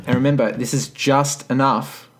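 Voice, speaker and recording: A man casually reading a story aloud, breaking off for wry, deadpan comments. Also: medium pitch, normal speed. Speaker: podcast co-host reading fan fiction.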